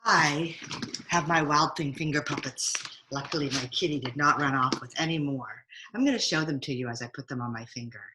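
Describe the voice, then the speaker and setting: A woman's voice: sits low, fairly quick, reverberant, background noise. A woman teaching yoga to children over a video call, playfully coaching them through a picture-book story. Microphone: video call mic.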